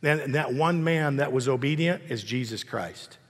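In a church hall with the long reverb of the room, a pastor in his sixties delivers a sermon. His storytelling is conversational and self-deprecating, spoken in a mid-range voice at a moderate pace.

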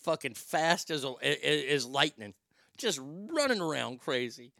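A man in his forties chats casually on a livestream from his home studio. He rambles and jokes, with swearing mixed in. His voice is slightly high, very bright, and dry, with no room sound. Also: expressive, unhurried, vocal fry, no echo. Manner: joking, profane, rambling. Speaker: livestream host.

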